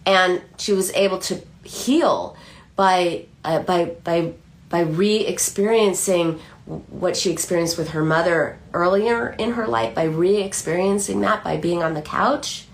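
A middle-aged woman, a psychoanalyst, explaining a case with lively storytelling and frequent restarts. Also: fairly low pitch, measured pace, a little hiss or hum. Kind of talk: explanatory talk.

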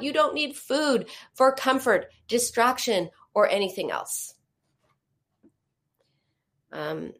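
Woman giving a reassuring live-stream talk. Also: mid-range voice. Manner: conversational, reassuring, with fillers and repetitions. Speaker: support group leader on emotional eating. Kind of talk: live-streamed talk answering viewer comments.

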